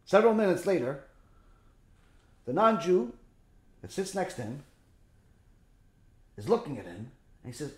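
A man's voice: on the high side, unhurried, pauses often. A man giving an informal religious lesson through a story, checking in with his listeners by asking "okay?" and "right?". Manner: animated, peppers points with "okay?" and "right?". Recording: echoey room.

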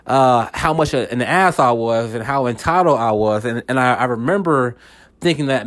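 A man's voice: medium pitch, expressive, moderate pace. A man hosting a podcast, talking through a casual faith monologue, repeating words and often checking in with listeners. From United States. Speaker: podcast host.

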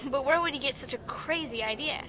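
A woman's voice: high voice, brisk, sharp tone, slight background noise. A frank, spirited young woman. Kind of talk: radio drama acting.

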